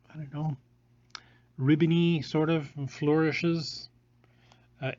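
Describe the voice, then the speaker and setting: A man's voice: on the high side, a little mellow, no echo, dull audio. A man hosting a live product showcase, rambling along with many fillers and restarts, recorded on a phone. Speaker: jewelry showroom host.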